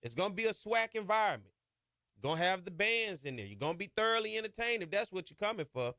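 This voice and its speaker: A man's voice: sits high, sing-song, fast, pushed and bright, no room sound, clean studio sound. A man hosting a sports podcast, talking emphatically and colloquially with lots of "y'all" and "ain't.". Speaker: podcast host. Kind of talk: impassioned sports podcast monologue.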